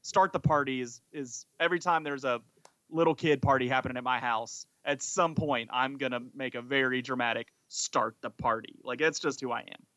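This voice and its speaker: A man's voice: mid-range voice, a little fast, pushed and bright, no room sound. A man co-hosting a podcast in casual chat, talking eagerly and rambling with lots of fillers. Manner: enthusiastic, rambling, many "like" fillers. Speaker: podcast co-host.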